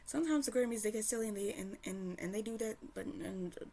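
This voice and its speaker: A commentator rants casually to camera, heated and profane, stumbling and restarting often. Her mid-range voice is fast and mellow, with vocal fry.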